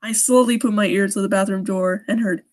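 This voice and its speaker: A woman's voice: mid-range voice, fairly even intonation, a little fast, a little mellow. A young woman reading a creepy story on a live stream, often breaking off to laugh and make sarcastic jokes about the writing.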